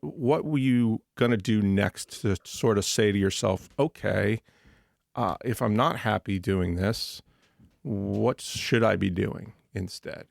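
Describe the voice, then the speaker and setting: A man's voice: on the low side, gravelly, a little mellow, dry recording, studio quality. A man hosting an interview podcast, encouraging and conversational with his guest. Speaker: podcast host. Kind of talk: casual interview talk.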